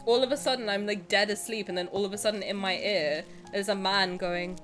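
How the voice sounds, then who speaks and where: Here the streamer's voice is medium in pitch, a little quick, and fairly bright, again over faint background music. She keeps up easygoing, candid live-stream chatter while gaming, cracking jokes and cursing without restraint.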